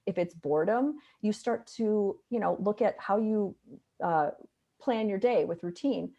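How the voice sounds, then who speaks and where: A woman's voice: medium pitch, measured pace, warm tone, highs cut off. A middle-aged woman with a nasal voice and a Wisconsin accent, a physician and author chatting upbeat as an interview guest over a remote call. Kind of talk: casual interview talk.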